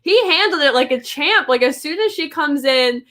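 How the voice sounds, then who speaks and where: Bright chatty woman gossiping. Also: sits high, expressive, moderate pace. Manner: gushing, laughs often, fillers of "like". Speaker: podcast co-host. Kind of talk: casual chat.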